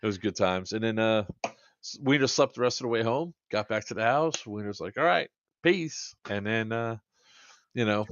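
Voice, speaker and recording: A man's voice: on the low side, normal speed, smooth, dry recording, dull audio. A man co-hosting a podcast, telling a long funny story in a casual chat and quoting people back and forth. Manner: animated anecdote-telling, quoting others in dialogue. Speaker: podcast co-host.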